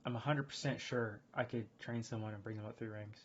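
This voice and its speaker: A man streaming casual chat, rambling and excitable, full of fillers and restarts. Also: lowish voice, brisk, slight background noise. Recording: dull lo-fi stream audio.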